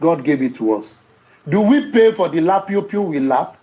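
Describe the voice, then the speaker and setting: A man's voice: fairly high pitch, expressive, moderate pace, dull audio. A man with a Nigerian accent in casual podcast talk, preaching and telling stories with rhetorical questions.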